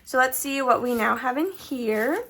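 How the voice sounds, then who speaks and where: A woman's voice: high voice, lively intonation, measured pace, a bit bright. A young woman casually vlogging her savings challenges, chatty and full of fillers, her sentences trailing up at the end. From Texas. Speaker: budgeting vlogger.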